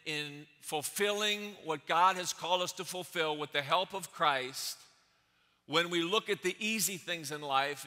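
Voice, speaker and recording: A pastor preaching a sermon, stressing his points with repeated phrases and sudden swings between loud and soft. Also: sits high, long reverb tail.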